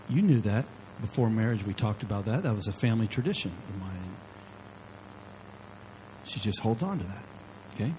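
In a rough recording with a bit of hiss or hum, a man of medium pitch tells sermon stories to a live audience via handheld microphone. His delivery is animated, and he acts out the quotes of the people in his stories.

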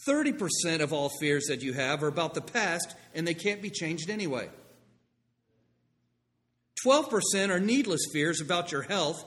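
A middle-aged man preaching a sermon as pastor, telling stories with lively asides and a conversational manner. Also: on the high side, normal speed. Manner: animated storytelling, conversational asides. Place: church sanctuary. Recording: long reverb in a large room.

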